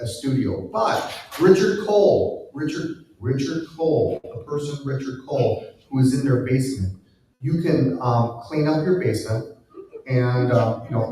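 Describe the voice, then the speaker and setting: Halting man in an echoey room. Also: mid-range voice, mellow, slight background noise. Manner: halting, many fillers and restarts. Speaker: panelist. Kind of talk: live panel discussion. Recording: echoey room heard from far off.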